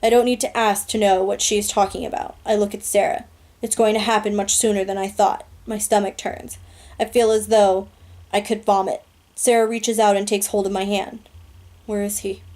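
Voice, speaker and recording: Mellow-voiced woman reading a novel. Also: medium pitch, moderate pace. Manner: steady, earnest storytelling. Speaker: audiobook reader.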